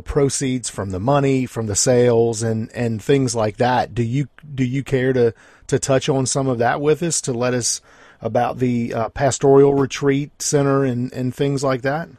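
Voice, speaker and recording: A male host asking relaxed, encouraging questions in a casual interview, with some halting restarts. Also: mid-range voice, dry recording, clean studio sound.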